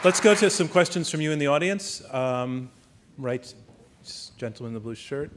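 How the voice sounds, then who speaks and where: A man moderating a debate, briskly handing out turns and calling on speakers. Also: on the high side, expressive, some chatter behind, slight background noise.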